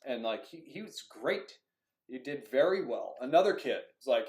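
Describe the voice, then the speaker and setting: Animated man telling coaching stories. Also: medium pitch, moderate pace. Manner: animated storytelling, acts out conversations; frequent "like" fillers. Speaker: youth soccer coach and show host. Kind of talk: casual monologue. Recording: echoey room.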